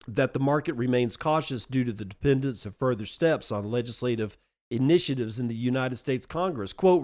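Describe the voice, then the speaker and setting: A man's voice: mid-range voice, darkish tone. A man hosting a podcast, reading news articles aloud and breaking in with sarcastic asides of his own. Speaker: podcast host.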